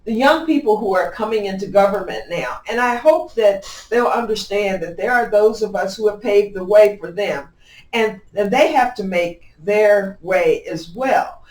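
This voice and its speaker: Recorded from a distance in an echoey room, this mid-pitched middle-aged woman from Illinois is a county clerk appearing as an interview guest. Her conversational answers are emphatic and upbeat, full of restarts and lively shifts in pitch and volume.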